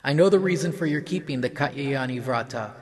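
A man voicing a playful young male cowherd god who teases and then speaks gravely, in a mostly even storyteller voice. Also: medium pitch, brisk, natural voice.

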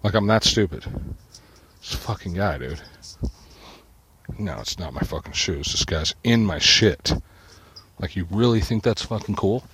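Low-voiced man in a profane rant. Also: expressive, measured pace, pauses often, fairly bright tone, slightly rough. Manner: agitated, swears constantly, mutters to himself. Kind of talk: profane ranting monologue.

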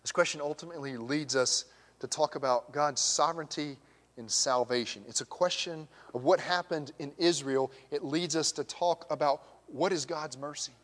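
A man preaching a sermon as pastor, swinging from emphatic raised questions to hushed near-whispers. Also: fairly high pitch, normal speed. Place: church sanctuary. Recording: long church hall reverb.

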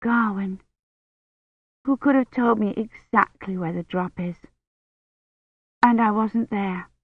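A frail young woman, as a woman reader puts her on, speaking faint and hushed in slow, worn-out words. The sound is tinny and phone-like, with a dry, close feel. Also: medium pitch, dry recording, lightly acted. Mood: weak. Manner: quiet and faint. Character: weak young woman, ill and wary.

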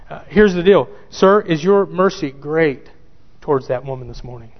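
A man preaching with a fairly high voice, driving his points home by repeating them. He speaks straight to the men in the pews. The recording is dull and rings with long church reverb. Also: moderate pace, hardly any pauses. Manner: emphatic, repeats key phrases, addresses listeners directly. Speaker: pastor. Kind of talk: sermon.

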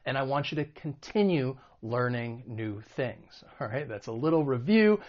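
A man's voice: mid-range voice, expressive, moderate pace, highs cut off. A man teaching English vocabulary, explaining meanings and pronunciation patiently with spoken examples. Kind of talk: vocabulary lesson.

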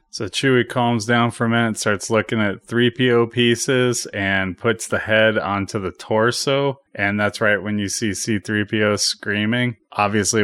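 A man with a fairly low voice talks through a movie plot in a relaxed, casual way, slipping in dry little jokes between the story beats. The sound is close and dry, with no room around it. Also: clear, resonant tone, no room sound. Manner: wry, joking asides while summarizing. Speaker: film recap narrator. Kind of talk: casual film recap narration.

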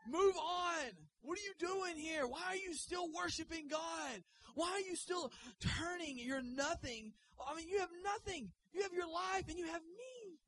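A man in a sermon voicing Job's wife as a shrill, nagging woman who mocks her husband. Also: a little slow, few pauses, fairly bright tone, full character voice. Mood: scornful. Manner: shrieking, mocking.

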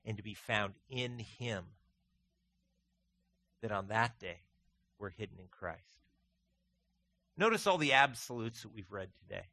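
A man preaching a sermon to his congregation, folksy and animated, mixing stories and humor with scripture. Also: mid-range voice. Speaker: pastor.

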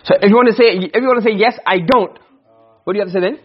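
A man's voice: high voice, racing, slightly rough, muffled recording. A man teaching Arabic grammar in a classroom lecture, explaining step by step and quizzing his students.

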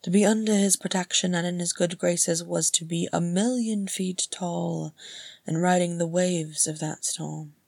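A woman voicing an elderly male hobbit with a cracked, wavering voice, gentle and wistful, in a storybook reading. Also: fairly low pitch, steady tone, a little slow, gravelly, dry recording, studio quality. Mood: reminiscing.

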